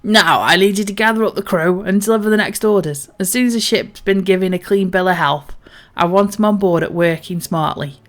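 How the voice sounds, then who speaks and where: A woman voicing a gruff old male pirate sea captain who slurs his words as if drunk. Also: mid-range voice, brisk, natural voice. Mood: blustering. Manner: slurred pirate bluster.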